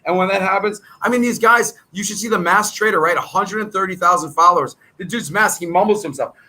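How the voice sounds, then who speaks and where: Brief: middle-aged man, high bright voice, pushy rambling monologue host. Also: fairly quick, poor audio. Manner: rambling, salesy and combative. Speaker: trading educator hosting his own channel. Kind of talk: casual monologue to viewers.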